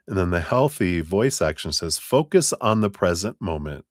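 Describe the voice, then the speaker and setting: Low-voiced chatty tarot reader man. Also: very animated, moderate pace, hardly any pauses, no echo, studio quality. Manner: chatty, rambling, laughs often. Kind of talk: live-stream tarot reading.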